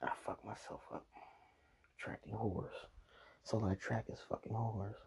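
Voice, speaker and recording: A man's voice: lowish voice, fairly even intonation, moderate pace, darkish tone, breathy edge. A man hosting a podcast, telling casual stories full of profanity, frequent laughter and acted-out quotes. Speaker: podcast host. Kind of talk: casual storytelling.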